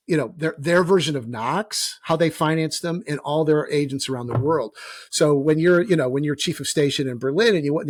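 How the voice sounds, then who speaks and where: A man co-hosting a podcast in casual chat, animated and teasing. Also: a little high, dry recording, studio quality. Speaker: podcast co-host.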